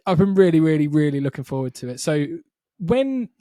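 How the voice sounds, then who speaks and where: A man co-hosting a podcast, gushing about a band he loves in an excitable, sweary casual chat. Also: on the high side, fairly quick, no room sound, studio quality. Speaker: podcast co-host.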